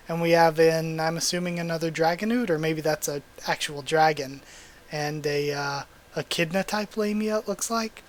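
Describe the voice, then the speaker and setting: A host reads a manga chapter aloud for a live reaction, voicing each line in turn. The voice sits at an even middle pitch. The reading keeps breaking off into side comments and quick self-corrections. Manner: frequent restarts and small corrections while reading.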